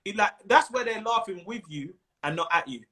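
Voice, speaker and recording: A man with a London accent, chatting casually as a comedian guest, animated and full of slang, often breaking into little character voices. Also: high-pitched, brisk, a loud crowd. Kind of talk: casual interview chat. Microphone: Instagram live stream.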